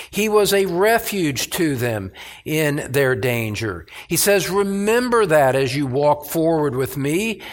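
A man preaching a sermon as pastor, emphatic, with pauses and restarts. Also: on the high side.

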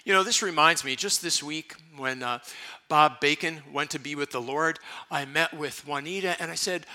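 A man's voice: on the high side, moderate pace, pushed and bright. A man preaching a sermon as pastor, emphatic and repeating his key phrases for weight.

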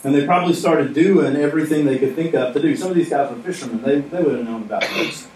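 A man's voice: fairly high pitch, quick pace, darkish tone. A man preaching a sermon on stage in a conversational, joking way, asking the audience questions. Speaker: pastor. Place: stage in a church hall. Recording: echoey room from far off with faint noise.

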